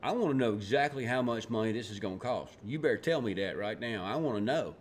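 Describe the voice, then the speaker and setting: A man's voice: medium pitch, lively intonation, fast, a little hiss or hum, lightly acted. A man putting on a hillbilly accent to voice a demanding Republican committee man who insists on getting answers right away. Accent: put-on hillbilly.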